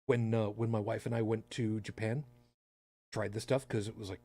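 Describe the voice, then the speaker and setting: A man's voice: medium pitch, sing-song, moderate pace, dark tone. A man hosting a podcast in casual chat, talking with sarcastic, rambling asides. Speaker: podcast host.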